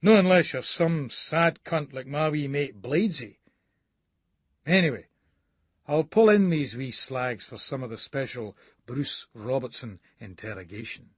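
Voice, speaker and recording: A man's voice: medium pitch, expressive, unhurried, husky, no echo. A man with a Scottish accent reading a first-person novel as an audiobook narrator, coarse, profane and sneering.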